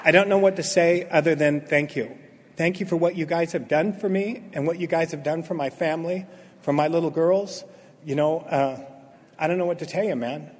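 A man sharing his recovery story at a meeting, an animated storyteller who acts out quotes and swings from loud to hushed. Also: fairly high pitch, normal speed, slight background noise. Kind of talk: personal recovery testimony. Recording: long hall reverb.

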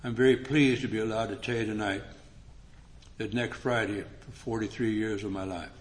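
An older man speaking at a recovery meeting, telling a humorous personal story and getting animated as he acts out conversations. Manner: animated, rises in pitch when acting out dialogue. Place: meeting room before an audience.

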